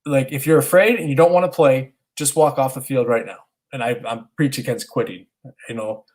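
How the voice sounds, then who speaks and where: A man in his thirties co-hosting a casual podcast, telling a long story in a middle-pitched voice. He rambles earnestly, stopping and restarting his sentences as he goes. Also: fairly quick, a little mellow. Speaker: podcast co-host, father.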